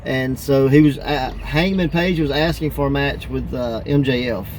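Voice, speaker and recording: A man hosting a casual wrestling podcast, laughing often and acting out quoted wrestlers in higher voices. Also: moderate pace, noisy background. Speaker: podcast host.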